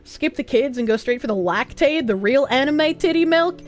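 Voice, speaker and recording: A woman with a Boston accent, streaming and reading her chat aloud, animated and full of crude jokes and frequent laughter. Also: high-pitched, moderate pace.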